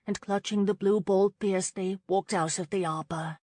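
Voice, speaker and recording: A woman narrating a romance audiobook in a measured, expressive reading on a close studio mic. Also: medium pitch, no room sound. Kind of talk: scripted narration.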